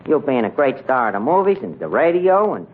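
A man's voice: medium pitch, sing-song, brisk, natural voice. A man playing a wisecracking tavern manager in a 1940s radio comedy, with mangled grammar and malapropisms. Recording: tinny hissy 1940s radio broadcast.

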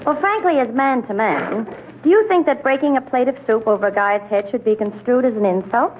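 A woman's voice: fairly high pitch, lively intonation, fairly quick, a little hiss or hum. A woman guest in a 1940s radio comedy, trading tart, sassy comebacks. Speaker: guest singer and actress. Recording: dull 1940s radio recording with loud music.

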